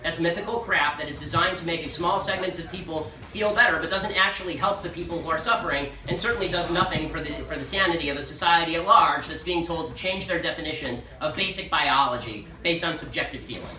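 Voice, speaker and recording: A man giving a political speech at a university, telling sarcastic anecdotes in a rapid-fire manner before a live audience. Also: fairly high pitch, pushed and bright. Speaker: guest speaker at a university. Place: large lecture hall with a live audience. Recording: echoey hall, speaker far from mic, audience laughter.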